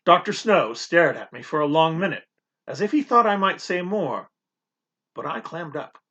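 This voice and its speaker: A man narrating an audiobook in the first person, expressive and nervous in tone. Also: fairly high pitch, moderate pace, muffled recording.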